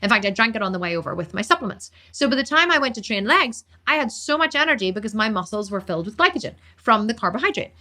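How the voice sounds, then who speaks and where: A female bodybuilder and fitness coach fields questions on a casual live stream with a mid-range voice. She speaks very fast, full of energy and emphasis, repeating words to drive her points home.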